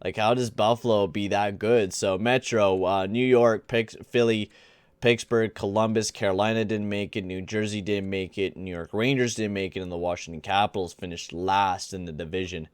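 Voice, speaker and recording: A man's voice: on the low side, steady tone, moderate pace, clear, resonant tone, no echo. A young man giving casual gameplay commentary, rambling and exasperated, full of slang like "dude" and "bruh". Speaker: gaming channel host.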